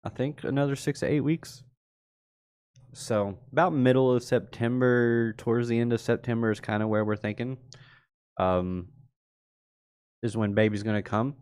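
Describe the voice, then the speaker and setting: A man's voice: mid-range voice, normal speed, pauses often, smooth, dry recording, clean studio sound. Laid-back man hosting a live stream. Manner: relaxed, rambling, laughs often. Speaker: host. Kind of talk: casual live-stream chat.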